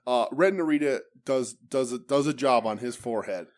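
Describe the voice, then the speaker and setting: A man co-hosting a casual wrestling podcast, talking in a profane, animated way and mimicking promos. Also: medium pitch, moderate pace. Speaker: podcast co-host.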